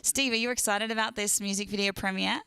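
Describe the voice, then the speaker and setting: A woman's voice: mid-range voice, steady tone, quick pace, creaky, pushed and bright, clear, resonant tone. A young woman hosting a casual livestream, chatting and greeting viewers one by one by name.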